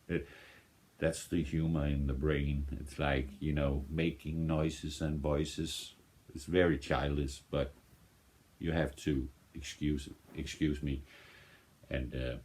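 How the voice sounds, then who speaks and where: A man's voice: extremely low pitch, darkish tone. A man from Denmark chatting casually in English as a non-native speaker, often restarting and searching for words. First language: Danish. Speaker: vinyl music vlogger. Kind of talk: casual rambling chat.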